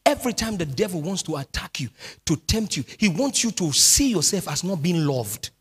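A man preaching a midweek sermon as pastor, swinging between speech and sung, drawn-out phrases. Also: high voice, big pitch swings, husky. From Nigeria.

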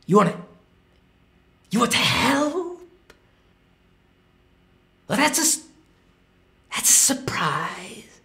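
A man's voice: extremely high pitch, very animated, slow pace, creaky, long pauses, bright, forceful tone, voice pushed up, heavily acted. A man voicing a timid, flustered man who stammers as he invites a guest in. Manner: stammering, nervous, hesitant.

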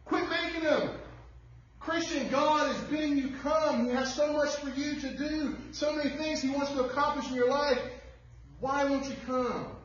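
A man's voice: very high-pitched, fairly even intonation, moderate pace, slight background noise. A man preaching an emphatic sermon as pastor, firing off rhetorical questions to the congregation. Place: church sanctuary. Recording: distant, muffled, very echoey room.

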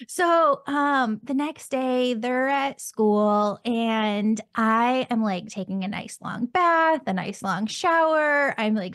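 A woman's voice: on the high side, dry recording, studio quality. A woman hosting a podcast, telling a personal story in a chatty way with lots of ums and likes. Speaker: podcast host. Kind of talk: casual podcast conversation.

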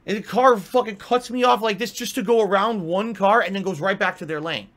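A man with a high voice rants through an exasperated story. His tone is bright and tense, and he keeps swearing. His delivery stays animated and full of disbelief throughout. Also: brisk, hardly any pauses. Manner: exasperated, profane, animated ranting. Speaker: vlogger. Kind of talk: ranting storytelling.

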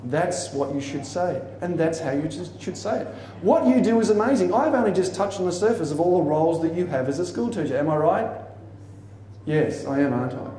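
A man's voice: fairly high pitch, a little fast, far from the mic, slight background noise. Theatrical man speaking in echoey hall. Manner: theatrical, animated storytelling with mock quotes. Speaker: motivational speaker. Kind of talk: motivational talk to teachers.

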